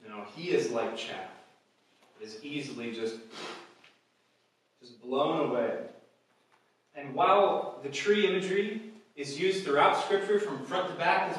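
A male pastor preaching a sermon with emphasis, often swelling louder on key phrases. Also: on the high side. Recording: echoey hall, voice from far off.

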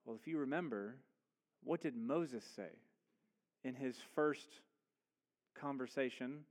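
A man preaching a sermon, speaking emphatically and asking rhetorical questions as he builds his points. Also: on the high side.

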